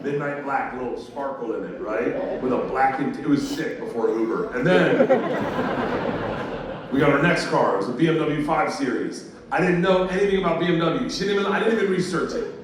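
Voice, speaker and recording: A man's voice: a little high, brisk, heavy background noise. Rowdy man telling stand-up stories. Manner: profane, rowdy storytelling. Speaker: stand-up comedian. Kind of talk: live stand-up storytelling. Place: live comedy venue. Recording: very echoey, distant mic, loud ambience. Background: audience laughter.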